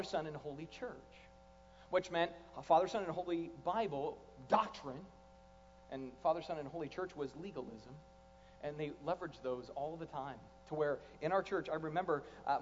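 A man with a high voice preaches in a casual, animated way, slipping into quoted voices as he talks. His sermon rings with long reverb through a large church room. The recording sounds dull and lo-fi, with faint noise underneath. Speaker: pastor.

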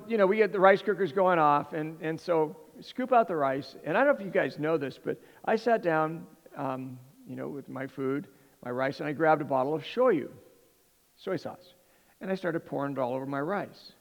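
This middle-aged Southern California man has a fairly high, creaky voice that sounds like a big room, with the highs cut off. Addressing an audience, he tells a funny personal story in an animated, rambling way, interrupting himself and restarting sentences.

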